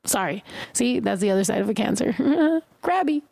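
A woman hosting a casual livestream chat, talking in an animated, joking and heavily profane way. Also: fairly high pitch, normal speed, gravelly. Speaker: livestream host.

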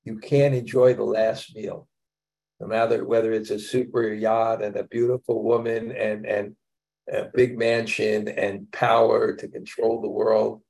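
A man leads a scripture class in a slightly low, slightly mellow voice roughened by vocal fry, with little pitch movement. Unhurried and casual, he explains the text while restarting phrases and slipping in chuckling asides.

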